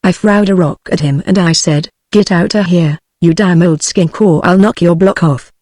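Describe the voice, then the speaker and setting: A woman's voice: lowish voice, moderate pace, a little mellow, no echo, clean studio sound. Synthetic woman reading as a bragging cowboy kid. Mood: boastful. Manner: swaggering backcountry drawl. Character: boastful six-year-old cowboy boy. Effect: text-to-speech voice.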